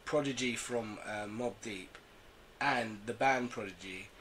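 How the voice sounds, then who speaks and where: A man co-hosting a podcast, bantering casually, defensive and quick to laugh. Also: lowish voice, a bit bright, slight background noise, poor audio. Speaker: podcast co-host.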